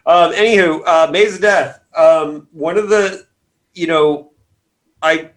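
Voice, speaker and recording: A man co-hosting a podcast, discussing a book in a relaxed, hesitant way with many ums. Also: on the high side, slow. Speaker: podcast co-host.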